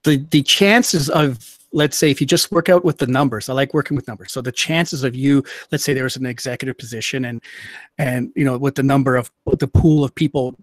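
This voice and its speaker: A man talks through a personal story in a casual, measured way. He stops often and restarts his sentences. His voice sits at an ordinary mid pitch, and the recording is dry and close with no room sound. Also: no room sound. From Canada. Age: under 60. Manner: measured, halting telling with frequent restarts. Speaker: livestream show host.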